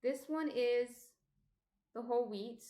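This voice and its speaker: A woman's voice: a little high, unhurried, dark tone, reverberant. Chatty woman from New Jersey baking live. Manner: chatty, greets viewers by name, explains steps as she works. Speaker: baker streaming a sourdough tutorial. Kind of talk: casual live-stream talk.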